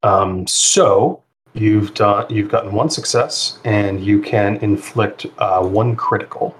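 A man narrating a tabletop role-playing game as game master, in a relaxed way with many fillers. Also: lowish voice, slow. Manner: relaxed, filler-heavy narration with frequent ums and likes.

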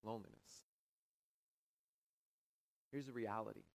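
A male pastor preaching a sermon, with dramatic rises into near shouting and hushed, quiet drops. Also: fairly low pitch, steady tone, measured pace, gravelly, dry recording, rough recording.

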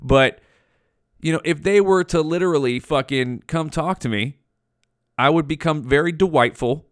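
A man's voice: a little high, normal speed, smooth, dry recording, studio quality. A man hosting his own show, talking in a rambling, profane, slangy monologue. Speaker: podcast host.

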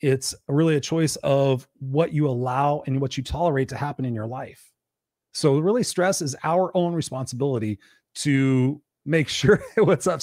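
A man's voice: a little high, no echo, clean studio sound. Tired, upbeat man hosting a live talk. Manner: energetic, greets viewers by name, coaching tone. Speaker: podcast host. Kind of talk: live-streamed motivational talk. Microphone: desk mic with monitors.

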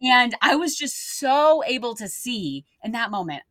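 A woman's voice: fairly high pitch, a little slow, dry recording, clean studio sound. A young adult woman co-hosting a faith podcast, telling stories earnestly and acting out what people said. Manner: earnest storytelling, animated quoted voices. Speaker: podcast co-host. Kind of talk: casual faith podcast chat.

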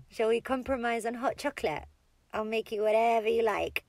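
A woman speaks in a whispered role-play as a tender, comforting partner, coaxing the listener along with little giggles. Her pace is slow and unhurried, and her voice carries a light vocal fry. She slips between soft speech and breathy whispers. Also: on the high side, lively intonation, no echo.

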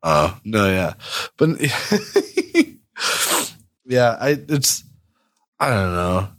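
A man co-hosting a casual chat, quick to laugh and agreeing in short replies. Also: on the low side, big pitch swings, fairly bright tone, dry recording, clean studio sound. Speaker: podcast co-host.

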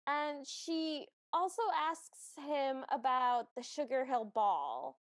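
A woman's voice: high voice, slow, no room sound. A woman co-hosting a podcast, chatting casually as she retells a film's scenes with dry asides. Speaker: podcast co-host. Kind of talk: casual chat recapping a film.

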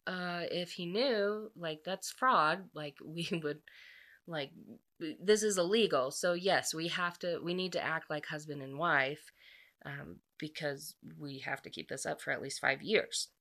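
A woman's voice: low-pitched, measured pace, fairly bright tone. A woman casually retelling a story's plot, chatty and full of fillers, briefly acting out the characters' lines. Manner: chatty, filler-heavy, acts out quoted dialogue.

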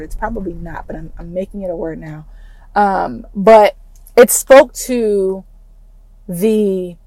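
A woman hosting a podcast, telling a personal story in an animated, emphatic and conversational way. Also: mid-range voice, dry recording, poor audio. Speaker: podcast host.

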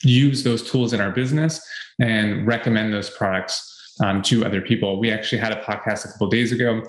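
Male podcast co-host, lowish voice, earnest and rambling, echoey room. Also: steady tone, fairly quick. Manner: earnest, repeats points with fillers. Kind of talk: casual advice chat.

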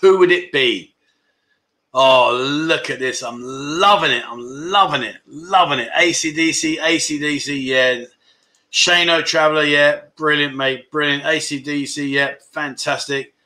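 A man's voice: fairly high pitch, unhurried, pushed and bright. A middle-aged man hosting a casual livestream chat show, joking, teasing viewers and reading out their comments. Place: home in Pattaya.

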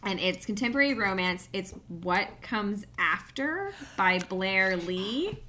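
A woman's voice: mid-range voice, animated, sharp tone, a little hiss or hum. A woman co-hosting a book podcast, retelling a story in casual chat with many fillers. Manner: drawn-out, filler-heavy retelling. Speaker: podcast co-host.

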